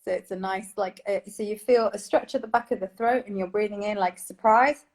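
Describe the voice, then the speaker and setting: A woman's voice: medium pitch, steady tone, a little fast, darkish tone. A woman vocal coach guiding listeners through breathing exercises, encouraging and instructive, laughing often.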